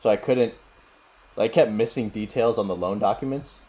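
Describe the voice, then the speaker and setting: A man teaching meditation in a casual Q&A over a video call, talking in a relaxed, rambling way and laughing often. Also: on the low side, moderate pace.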